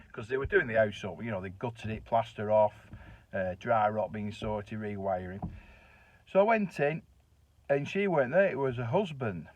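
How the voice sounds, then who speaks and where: A man's voice: mid-range voice, darkish tone, dry recording. A middle-aged man with a Northern English accent, telling a colloquial, chatty anecdote with the odd swear word. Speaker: storyteller. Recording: dull, dry lo-fi recording.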